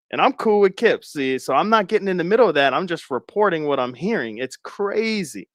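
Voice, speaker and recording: Animated man gossiping over a dry mic. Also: a little high, dry recording. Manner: laughing, rambling, speculative gossip. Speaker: commentary streamer. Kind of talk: casual commentary chat.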